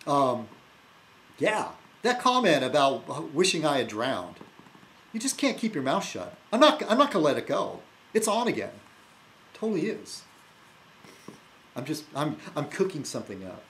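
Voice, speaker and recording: A man talking casually to camera as a video blogger, rambling and teasing, halting often with fillers and restarts and chuckling to himself. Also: a little high, huge pitch swings, a bit bright, low-quality recording. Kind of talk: rambling casual vlog chat.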